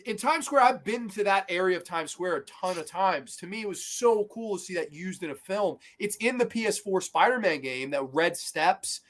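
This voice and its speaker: Hosting a laid-back movie podcast, this high-pitched man talks at a moderate pace with barely a pause. He's animated and profane, and he performs lines from the films he discusses.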